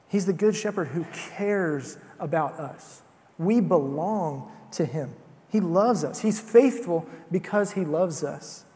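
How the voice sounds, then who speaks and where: A man's voice: high voice, a little slow, mellow, long reverb tail. A man preaching a sermon in a conversational way, with fillers and repeated starts.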